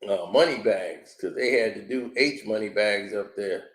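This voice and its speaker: A man's voice: on the low side, normal speed, reverberant. A man giving casual commentary on an interview, telling stories animatedly, acting out quotes and laughing often.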